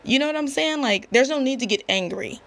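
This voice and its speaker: A woman's voice: sits high, lively intonation, a little fast, fairly bright tone. A woman giving a casual tarot reading straight to her viewers, assertive and chatty, often checking in with "okay?". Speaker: tarot reader.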